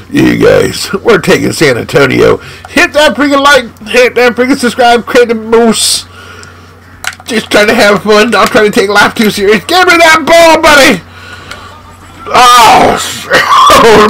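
A man hosting his gaming channel, giving loud, hyped commentary while playing a basketball video game at home. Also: very high-pitched, creaky, a little hiss or hum, poor audio. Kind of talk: excited live gameplay commentary.

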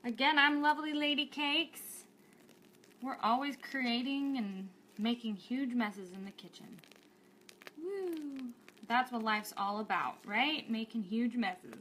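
A woman's voice: on the high side, unhurried, a bit bright, a little hiss or hum. A woman hosting a cake decorating tutorial livestream, bubbly and chatty, thinking aloud as she works.

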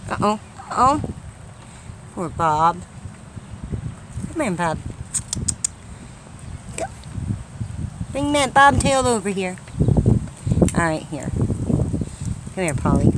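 A woman's voice: medium pitch, lively intonation, slow pace, long pauses, background noise. A woman chatting casually outdoors on her vlog, coaxing squirrels and airing her frustrations. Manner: chatty, talks to animals, frustrated. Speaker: vlogger.

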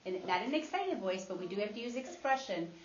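A woman teacher speaks at an even, mid-range pitch, leading a guided reading lesson with patient encouragement. Her voice carries through a roomy classroom. The recording is slightly dull, with faint background noise. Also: a little fast. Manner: encouraging and patient, modeling expression aloud.

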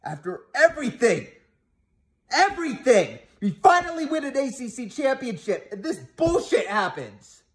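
With a very high, very animated voice at normal speed, a man vents his fury as a sports fan vlogger. His camera rant to viewers is full of swearing and frequent restarts.

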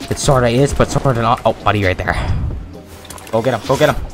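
A young man commentating his own gameplay, cursing and shouting in bursts, close to the mic. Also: medium pitch, fairly quick. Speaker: gaming video creator. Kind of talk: profane live gameplay commentary. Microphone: close mic, breathing into it. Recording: game music playing behind.

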